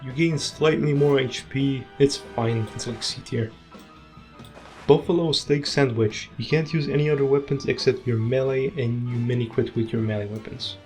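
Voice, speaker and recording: A man's voice: mid-range voice, a little mellow, faint music behind. Offhand man ranking game weapons. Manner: offhand, dry, quick verdicts. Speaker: gaming video creator. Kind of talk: casual tier-list commentary.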